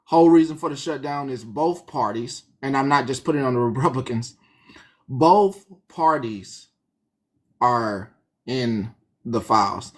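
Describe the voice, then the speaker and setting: Excitable co-host in casual chat. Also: unhurried. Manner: excitable, laughs high and often.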